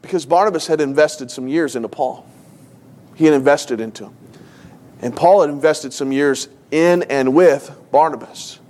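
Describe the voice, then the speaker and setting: A middle-aged pastor delivers a sermon in a slightly mellow, higher-pitched voice at a normal pace. His storytelling is earnest and emotional, sometimes tearful, and he repeats phrases for emphasis.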